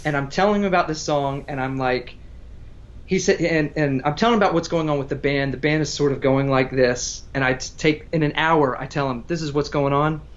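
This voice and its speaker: Guy musician rambling between songs, kinda high voice, muffled stream sound. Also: a little fast. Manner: rambling, self-interrupting storyteller. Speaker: guest musician. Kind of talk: casual livestream chat between songs.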